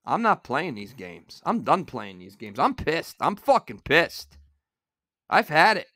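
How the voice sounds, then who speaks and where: A man hosting a podcast alone, delivering an angry, profane rant that bursts into shouting. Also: medium pitch, wildly swooping pitch, unhurried, no room sound, studio quality. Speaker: podcast host. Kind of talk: solo ranting podcast.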